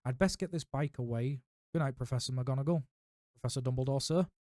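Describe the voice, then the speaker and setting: A man voicing a big-hearted giant of a groundskeeper who stammers through tears, raising his pitch as he reads aloud. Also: fairly quick, darkish tone, no room sound, clean studio sound, lightly acted. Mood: tearful. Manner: stammering, tearful.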